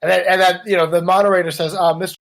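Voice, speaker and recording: A man's voice: high voice, flat delivery, rapid-fire, creaky, a bit bright. Man on a podcast, casual political chat, sarcastic and riffing, webcam mic. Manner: riffing, sarcastic, puts on quoted voices. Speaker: podcast co-host.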